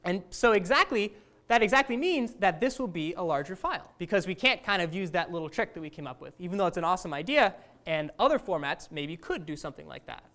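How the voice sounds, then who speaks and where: A woman's voice: fairly low pitch, animated, quick pace, a bit bright. A woman teaching a class in a casual, conversational lecture, often asking the students questions.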